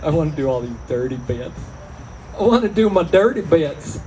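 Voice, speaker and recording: A man performing a stand-up comedy set, deadpan and self-mocking, slipping into quoted voices. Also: fairly high pitch, normal speed, slight background noise, poor audio. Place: small venue, live audience.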